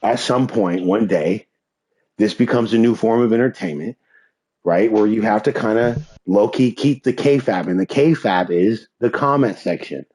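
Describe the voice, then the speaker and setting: A man with a gravelly voice hosting a live stream, joking and swearing as he rambles through casual banter. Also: lowish voice, normal speed, a little mellow, poor audio. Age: adult.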